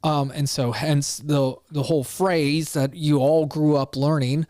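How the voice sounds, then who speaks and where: A man's voice: a little high, steady tone, a little slow, few pauses, darkish tone, dry recording, studio quality. A man hosting his own show, giving a casual history talk to camera with frequent ums and uhs. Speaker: show host.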